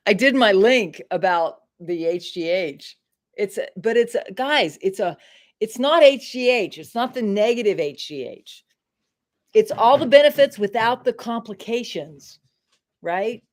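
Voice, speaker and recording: A middle-aged woman from Maine hosts a casual livestream from home, her mid-range voice expressive and unhurried. She chats straight to her viewers and swears freely when she gets frustrated.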